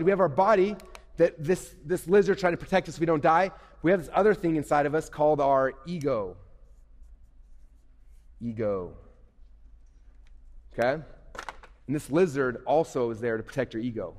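A middle-aged man giving an animated stage talk to kids, asking the audience questions and acting out inner voices. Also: a little high. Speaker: speaker at a youth event. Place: large hall on stage. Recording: long hall reverb.

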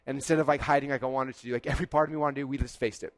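A man giving a conference keynote, telling stories in an animated way, acting out dialogue and saying "like" often. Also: medium pitch, racing, no room sound. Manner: animated, acts out dialogue, frequent "like". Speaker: keynote speaker. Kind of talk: storytelling keynote. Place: conference stage.

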